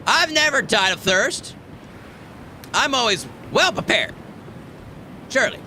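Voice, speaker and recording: A man's voice: very high voice, big pitch swings, measured pace, sharp tone, slight background noise. An American man streaming a space game, chatting casually and joking with heavy swearing. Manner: profane, joking banter. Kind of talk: casual gameplay chat.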